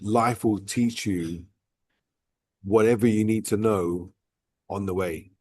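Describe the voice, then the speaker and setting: A man chats at length as the host. His voice sits low and warm, and it sounds dry and close to the mic. He keeps circling back with "look" and "right?" as he shares his stories. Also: slow, husky, no room sound. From outside Dubai. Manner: rambling, repeats "right?" and "look". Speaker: vlog host. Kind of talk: casual reflective chat.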